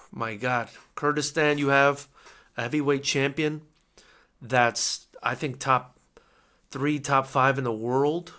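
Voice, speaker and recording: A man hosting a live boxing companion stream, talking excitedly and emotionally, repeating himself as he reacts. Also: medium pitch, slow pace. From United States. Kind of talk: live fight companion commentary.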